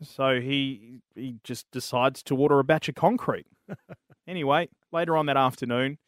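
A man's voice: mid-range voice, steady tone, normal speed, no room sound, clean studio sound. A man with an Australian accent hosting a podcast, chatting casually and telling a joke in a laid-back way, full of slang. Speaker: podcast host.

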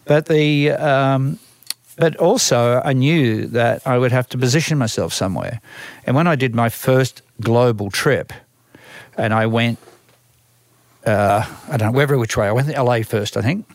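A man's voice: mid-range voice, moderate pace, no echo, studio quality. Australian man telling rambling stories. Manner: rambling, animated storyteller with frequent restarts and acted-out quotes. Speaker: band manager. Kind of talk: casual storytelling interview.

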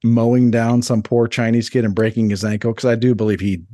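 A man in his thirties co-hosting a podcast, rambling through crude, animated comedic stories in casual chat. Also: mid-range voice, a little fast, no echo, clean studio sound. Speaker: podcast co-host.

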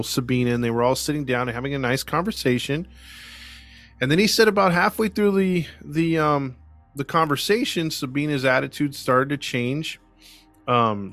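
Man telling a true-crime story, animated. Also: mid-range voice. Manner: animated retelling, acts out quoted voices, laughs often. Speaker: podcast host. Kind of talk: casual storytelling chat.

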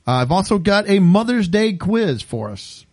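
Laughing, animated male podcast host. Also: high-pitched, normal speed, dry recording. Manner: laughs often, animated storytelling. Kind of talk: casual chat.

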